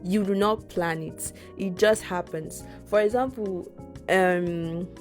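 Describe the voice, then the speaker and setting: A woman's voice: on the low side, fairly even intonation, slow pace, soft background music. A young adult Nigerian woman co-hosting a podcast, speaking in an earnest, reflective way with frequent restarts. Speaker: podcast co-host. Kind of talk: casual podcast chat.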